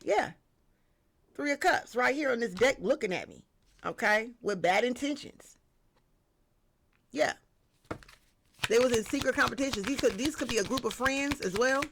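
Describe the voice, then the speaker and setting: Woman doing a tarot reading, bright sharp voice w a gravelly edge, chatty n slangy. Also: on the high side, normal speed, long pauses. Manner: lively and slangy, talks straight to viewers. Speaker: tarot reader. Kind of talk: casual spiritual tarot reading.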